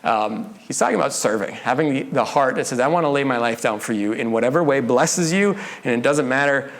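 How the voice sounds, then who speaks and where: A male pastor giving a casual, conversational sermon with joking, animated asides. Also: medium pitch, fairly quick. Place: church.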